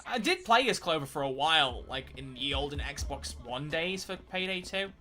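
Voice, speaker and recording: A man's voice: fairly high pitch, animated, moderate pace, pushed and bright. A man live-streaming a game, chatting in a rambling, self-mocking way as he plays. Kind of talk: live gameplay commentary.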